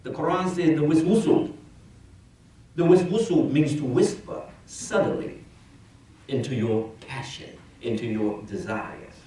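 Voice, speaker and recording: A man's voice: fairly high pitch, a little slow. Imam, man, conversational sermon with rhetorical questions; distant, heavily reverberant hall. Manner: conversational preaching, rhetorical questions, swings loud and soft. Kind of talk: Friday sermon. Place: mosque prayer hall. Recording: very echoey mosque hall, speaker off-mic.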